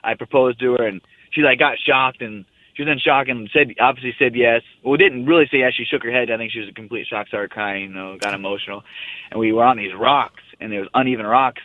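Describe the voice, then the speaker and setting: A man's voice: mid-range voice, brisk, no room sound. A young man calling in, telling a story in a loose, rambling casual chat. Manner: rambling, laid-back storytelling. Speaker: fighter calling in. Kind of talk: casual phone interview. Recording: tinny phone line.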